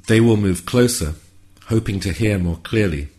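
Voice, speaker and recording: Deep-voiced man narrating calmly. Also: normal speed. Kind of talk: scripted storytelling narration.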